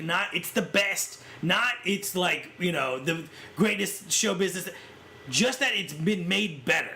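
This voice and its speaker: A man's voice: sits high, slight background noise. A man co-hosting a casual film-discussion podcast, talking animatedly and acting out scenes. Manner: animated, acts out scenes in quotes. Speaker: podcast co-host.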